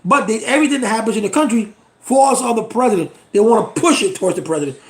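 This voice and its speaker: A middle-aged man from the United States rants about politics to his viewers. His voice sits high for a man and has a gravelly rasp. He talks bluntly, sounds exasperated and swears freely. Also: animated, quick pace, reverberant. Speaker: channel host. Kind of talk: political rant to camera.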